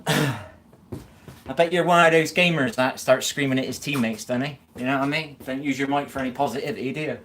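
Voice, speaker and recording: Man, live streamer, casual chat, playful teasing banter, mid-pitched voice. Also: brisk, a bit bright, slight background noise. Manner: teasing banter with viewers, chuckling often.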